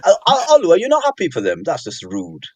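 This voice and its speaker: A man's voice: a little high, huge pitch swings, fast, slight background noise. A man in casual football banter, ribbing his friends in a friendly way and saying "man" a lot. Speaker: podcast panelist.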